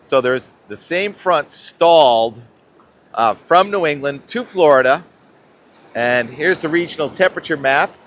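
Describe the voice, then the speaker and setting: This middle-aged weather vlogger talks casually into a clip-on mic outdoors on a beach, thinking aloud and rambling about the forecast. He speaks a little slowly in a fairly high, expressive, fairly bright voice.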